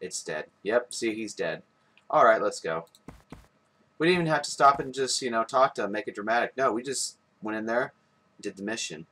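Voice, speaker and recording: A man's voice: lowish voice, lively intonation, normal speed, sharp tone. A man giving casual, joking commentary on a game, swearing freely and reading the game's text aloud. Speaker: gamer.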